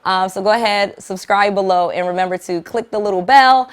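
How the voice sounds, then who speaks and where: A woman's voice: medium pitch, fairly quick, smooth. A woman coaching viewers on real estate investing in an upbeat, emphatic teaching vlog, speaking plainly and checking in often with "okay?". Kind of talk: direct-to-camera teaching vlog.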